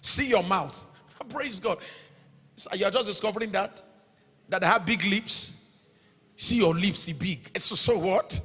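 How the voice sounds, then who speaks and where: Nigerian male pastor, middle-aged; sharp, husky tone; sing-song delivery that bursts into shouts; hall reverb. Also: high-pitched, unhurried, pauses often. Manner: emphatic preaching, rising to shouts, sing-song cadence. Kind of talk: sermon.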